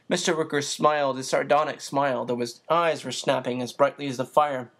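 A steady audiobook narrator reading a chapter of a children's novel. The delivery is even and unhurried, in a middle-pitched voice. Occasional small slips are left in. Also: gravelly. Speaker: audiobook reader.

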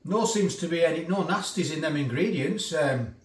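A man's voice: fairly high pitch, expressive, moderate pace, recorded from a distance. Chatty man in an echoey room. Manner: chatty, eats while talking, restarts. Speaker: food reviewer. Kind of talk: casual food review vlog.

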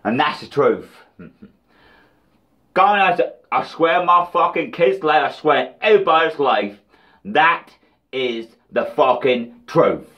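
A man's voice: a little high, lively intonation, slow pace, highs cut off. A British man ranting in a rambling, profane, taunting diss vlog. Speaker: vlogger.

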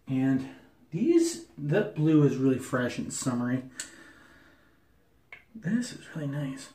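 A man's voice: medium pitch, sing-song, slow pace, mellow, breathy edge. A man with an Ohio accent, chatty and self-deprecating, doing a casual shaving review on his porch. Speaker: wet shaving YouTuber. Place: porch at home.

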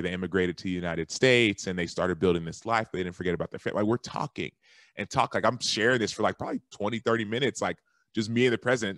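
A man from Texas, a guest on a podcast, telling a lively story in a casual, animated way that jumps high when he quotes himself. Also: no echo, clean studio sound. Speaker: guest, former football linebacker and author.

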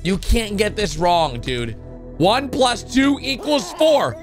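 A man's voice: high voice, animated, slow pace. A man voicing a stern female classroom teacher who scolds and quizzes her pupils. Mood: bossy. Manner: bossy, scolding. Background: background music.

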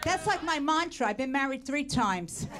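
A woman's voice: expressive, normal speed, very noisy. A middle-aged woman from the Bronx with a New York accent, doing a brash, self-mocking stand-up comedy set. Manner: brash, self-mocking, swings pitch up for punchlines. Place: comedy stage with audience. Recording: stage recording, audience laughing.

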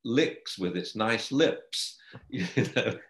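A man's voice: medium pitch, lively intonation, slow pace, a bit bright, reverberant. An older man, a dog trainer, talking in a chatty way and laughing often. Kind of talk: casual discussion.

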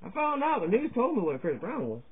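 Very high-pitched and husky, this man talks fast with huge pitch swings. He's a comedy vlogger from Virginia, USA, delivering a rambling, crude, profane stand-up style monologue to his camera, jokey and jumping from topic to topic, in tinny, phone-like lo-fi audio.

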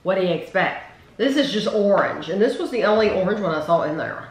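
A woman's voice: mid-range voice, lively intonation, a little fast. A woman hosting a casual taste-test video, chatting and rambling with enthusiasm about candy flavors. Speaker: channel host. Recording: roomy with faint noise.

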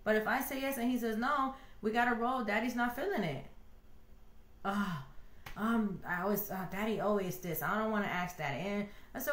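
A woman in her thirties giving casual, heartfelt marriage advice to other wives, animated and preachy, full of "like" and "you know". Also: medium pitch, moderate pace, reverberant. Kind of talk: casual heartfelt talk to viewers.

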